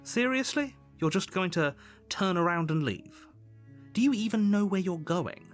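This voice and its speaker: A man's voice: high voice, animated, moderate pace, soft background music. Smug narrator guy, dry and exasperated, voice jumps all over. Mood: incredulous. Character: smug, sardonic male storybook narrator. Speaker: game narrator.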